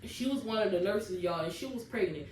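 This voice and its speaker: A young woman tells her story to the camera, talks right to her viewers and fills her talk with y'all. Her voice sits at a middle pitch. The sound is roomy and a little distant, with a faint hiss underneath. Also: animated, a little fast, darkish tone. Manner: addresses viewers as y'all often, casual Southern US dialect. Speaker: vlogger telling her birth story. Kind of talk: emotional personal storytelling to camera.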